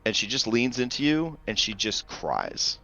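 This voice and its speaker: A man's voice: medium pitch, sing-song, measured pace, sharp tone, dull audio, faint music behind. A man narrating as game master of a horror tabletop game, describing scenes and joking with players. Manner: descriptive, slips into character voices.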